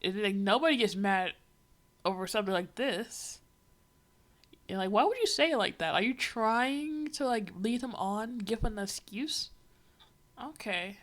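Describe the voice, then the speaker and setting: A woman's voice: mid-range voice, lively intonation, measured pace. A woman livestreaming as she reads a comic, giving a rambling, wry running commentary full of fillers. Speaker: livestreamer reading a comic aloud.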